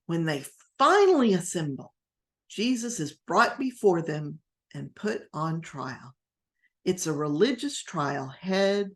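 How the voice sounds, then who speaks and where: A woman pastor teaching a Bible class in a gentle, rambling storytelling manner, sometimes acting out the quotes. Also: mid-range voice.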